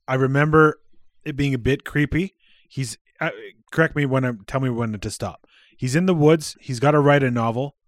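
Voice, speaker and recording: Mid-pitched man chatting, dry sound. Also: normal speed, no room sound. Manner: easygoing, swears casually. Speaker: podcast co-host. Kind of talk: casual chat.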